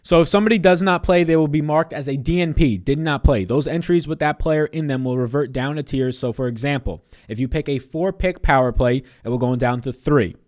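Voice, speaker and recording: A man's voice: a little high, brisk, hardly any pauses, a little mellow. A man in his twenties on a casual live stream, giving fantasy basketball picks and answering chat in a loose, profane way. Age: 20s.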